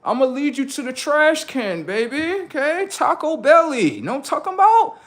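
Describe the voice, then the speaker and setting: A man's voice: very high-pitched, very animated, moderate pace, fairly bright tone, pitched above the performer's own voice, full character voice. A man putting on the voice of a smug, alien-minded man who mocks the human race in a teasing, sing-song way. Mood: mocking.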